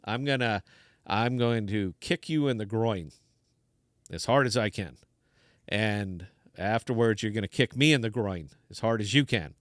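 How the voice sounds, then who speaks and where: A big, stubborn farmer with no neck lays down the law in a gruff, matter-of-fact voice, as a man puts him on for a joke. The tone is smooth and clear, with a dry, close sound. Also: lowish voice, unhurried, a bit bright, dry recording, voice pushed down. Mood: stern.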